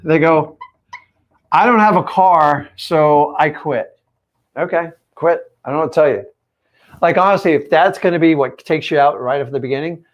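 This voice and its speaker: Male coach, fairly high voice, punchy emphatic live-stream delivery, lots of rhetorical questions. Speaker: real estate coach.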